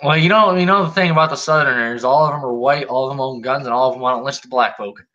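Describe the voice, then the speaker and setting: A man's voice: medium pitch, quick pace, bright, forceful tone, muffled recording. A man hosting a casual podcast chat, opinionated and blunt with jokey banter. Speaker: host.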